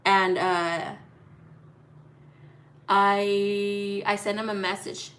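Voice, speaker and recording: A woman's voice: mid-range voice, level tone, extremely slow, fairly bright tone. A woman reading tarot, telling a personal story in a blunt, profane way and acting out the dialogue. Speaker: psychic tarot reader. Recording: clear music playing under voice. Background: music.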